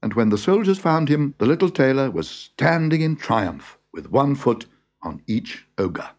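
A man reading a fairy tale aloud in an expressive, dramatic way. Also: medium pitch, measured pace. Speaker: narrator. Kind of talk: storybook reading. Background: music.

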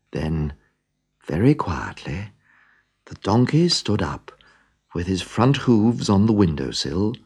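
Expressive male storybook narrator. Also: low voice, creaky, slightly rough. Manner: expressive, animated. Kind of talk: storybook reading.

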